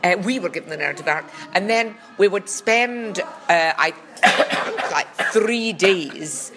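A woman's voice: fairly low pitch, lively intonation, unhurried, crowd noise. A woman with a Scottish accent chatting as a podcast guest, rambling through stories with dry, teasing humour. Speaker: podcast guest, former children's TV presenter. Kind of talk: casual comic chat.

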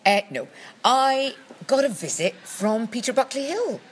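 A Scottish woman co-hosting a podcast in casual chat, dry and teasing, with drawn-out asides. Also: a little high, expressive, slight background noise. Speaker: podcast co-host.

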